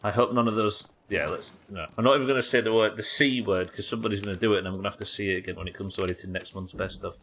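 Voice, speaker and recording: Guy running a game stream, swears a lot, chats to viewers, lowish voice but bright and forceful, a bit of hiss. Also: steady tone, rapid-fire, hardly any pauses. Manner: sweary, chatty, talks to chat while playing. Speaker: livestream host. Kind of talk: live gaming stream commentary.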